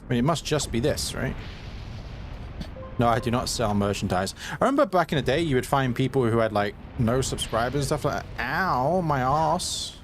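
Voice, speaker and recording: Male let's-play streamer, average pitch, loose and conversational, quick to grumble at himself. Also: lively intonation, soft background music. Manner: chatty, self-mocking, quick to frustration. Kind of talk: live gameplay commentary.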